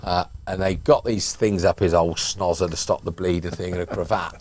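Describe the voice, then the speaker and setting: Bloke on a cricket stream, lowish voice, rambling chatty stories, bit of hiss behind. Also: male voice, fairly even intonation, moderate pace, darkish tone. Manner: chatty anecdotal storytelling, laughs often. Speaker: cricket commentator. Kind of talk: casual commentary chat.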